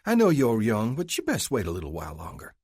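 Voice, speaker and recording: A man's voice: lowish voice, wildly swooping pitch, fast, darkish tone, breathy edge, dry recording, pitched above the performer's own voice, exaggerated voice. A man voicing a weary, wry saloon woman, his voice lifted a little, in a dry-sounding audiobook.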